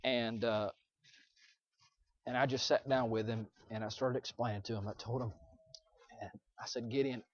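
A young man preaching, telling a personal story in an earnest, confessional way that swings from loud to hushed. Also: mid-range voice, steady tone, moderate pace, muffled recording. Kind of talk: sermon illustration.

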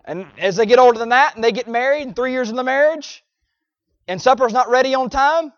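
A man's voice: very high-pitched, moderate pace, no room sound. A man preaching a sermon in a folksy, emphatic style, with sarcastic asides to his congregation, on a dull lo-fi recording.

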